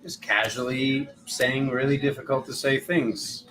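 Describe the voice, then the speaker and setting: A man doing tarot readings in a casual, rambling live stream, chatty and quick to poke fun at himself. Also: medium pitch, steady tone, a bit bright, a little hiss or hum, rough recording. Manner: chatty, rambling, self-mocking. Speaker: tarot reader.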